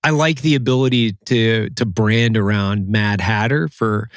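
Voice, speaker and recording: A man's voice: on the low side, unhurried, no echo, clean studio sound. A man hosting a podcast interview, joking, swearing casually and asking eager questions. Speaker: podcast host.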